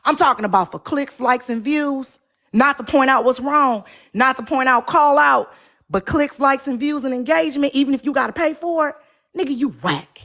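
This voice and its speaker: A woman's voice: sits high, moderate pace, fairly bright tone. A woman giving heated, slangy commentary in a casual live-stream chat.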